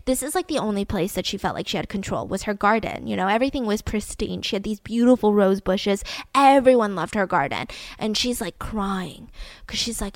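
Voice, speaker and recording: A young woman hosting a podcast, retelling a true-crime story in a chatty, animated way. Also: medium pitch, brisk, dry recording. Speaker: podcast host.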